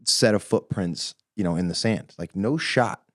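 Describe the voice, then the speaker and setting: A man's voice: on the low side, normal speed, dry recording, studio quality. A man from Oklahoma, a guest on a podcast, chatting casually and acting out the people he quotes in mocking voices.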